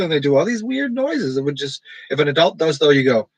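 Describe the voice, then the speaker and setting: A man talks to his live chat from home in a loose, wandering way. His voice is husky and his delivery is mostly level, which he calls monotone himself. The sound is dry and close, with no room echo. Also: on the high side, fast, few pauses. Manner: rambling, self-described monotone delivery. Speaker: streamer talking to live chat. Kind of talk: casual rambling livestream chat.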